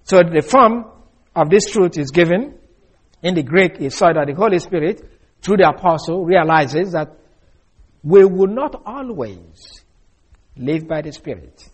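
A man preaching an expository sermon, explaining scripture in a measured, emphatic way with frequent fillers. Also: fairly high pitch, husky. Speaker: preacher teaching Bible study.

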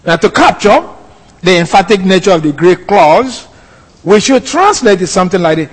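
A man giving a verse-by-verse Bible lesson in a measured, explanatory way, sometimes correcting himself mid-phrase. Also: sits high, animated, husky, in a large hall, poor audio. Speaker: Bible teacher.

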